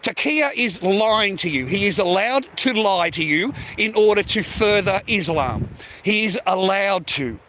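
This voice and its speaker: A man's voice: high-pitched, expressive, a little slow, a bit bright, slight background noise. An Australian man ranting to his livestream viewers, swearing constantly and calling them mate. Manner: profane, repetitive, addresses viewers as mate. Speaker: live streamer. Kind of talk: rambling livestream rant.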